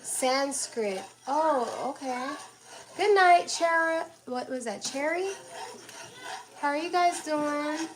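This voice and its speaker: A woman's voice: high-pitched, takes it slowly. A young woman hosting a casual cooking live stream, chatting with viewers by name and laughing often as she cooks in her home kitchen. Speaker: livestream host cooking dinner. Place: home kitchen with pots and dishes clattering. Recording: kitchen clatter and household noise in background.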